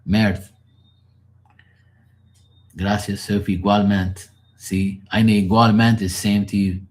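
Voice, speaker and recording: Deep-voiced guy rambling on a live stream, talking to chat, says like and you know a lot. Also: level tone, takes it slowly, darkish tone. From born in the country of the stream, Portuguese family. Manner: rambling, filler-heavy, explains words to chat. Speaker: livestream tarot reader. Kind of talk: casual livestream chat.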